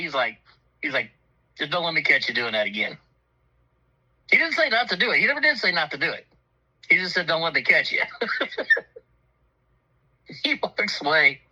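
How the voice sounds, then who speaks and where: A man's voice: on the high side, pushed and bright, breathy edge, low-quality recording. A man telling a profane, funny story in casual chat, laughing often and acting out the voices of people in it. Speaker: storyteller on a talk show.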